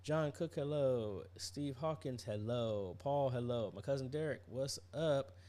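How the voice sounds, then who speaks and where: Tired and yawning, a man hosts a casual livestream, chatting unhurriedly in a mellow, mid-range voice. He greets viewers by name and fills his talk with lots of fillers.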